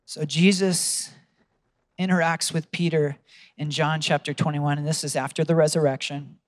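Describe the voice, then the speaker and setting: A man's voice: on the high side, flat delivery, normal speed, dry recording. A man preaching a sermon, telling a story earnestly and asking his congregation questions.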